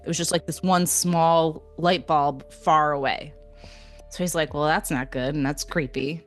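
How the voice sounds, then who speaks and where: A young adult woman telling a story on a podcast in a lively, chatty way, laughing often and filling gaps with fillers. Her voice sits fairly low for a woman, and faint music plays under her talk. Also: unhurried. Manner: animated, laughing retelling with many fillers. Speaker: podcast co-host. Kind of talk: casual storytelling chat.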